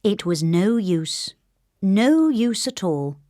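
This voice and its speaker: A woman narrating a children's storybook at an unhurried pace. Her voice is gentle and expressive, with a lively melody. The sound is close and dry. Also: mid-range voice, no room sound.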